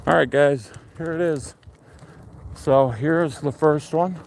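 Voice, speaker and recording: A man in his forties on a casual live stream, chatting in a relaxed, rambling and enthusiastic way. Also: fairly high pitch, slow, vocal fry. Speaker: livestream host. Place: outdoors on a neighborhood street. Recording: faint outdoor street noise.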